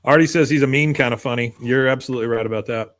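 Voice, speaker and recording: A podcast co-host with a medium-pitched voice talks very fast, casually retelling an episode scene by scene and quoting the characters.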